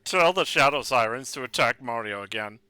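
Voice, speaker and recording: A cold villainous leader in a game, read by a man on stream, handing out orders slowly and sternly with a very bright, sharp voice. He sounds in charge and stays firm. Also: medium pitch, expressive, clean tone. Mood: commanding. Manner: slow, stern, barked orders. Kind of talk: reading game lines live.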